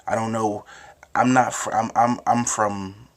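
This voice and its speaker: A man's voice: fairly low pitch, level tone, a little slow. Profane rambling New Jersey guy. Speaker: host. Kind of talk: casual monologue with frequent swearing.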